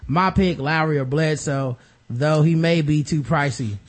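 Sports podcast host, man, high voice, loose joking delivery. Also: unhurried. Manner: loose, joking, fillers and trailing thoughts. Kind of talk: casual sports talk.

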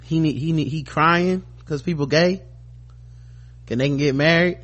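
A man's voice: on the high side, normal speed, fairly bright tone. A man giving casual, profane, sarcastic reaction commentary on a clip he is streaming.

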